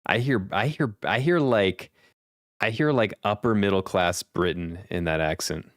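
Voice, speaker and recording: A man's voice: on the low side, measured pace, no room sound, studio quality. A male streamer chatting casually and thinking aloud, rambling with fillers. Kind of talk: casual chat.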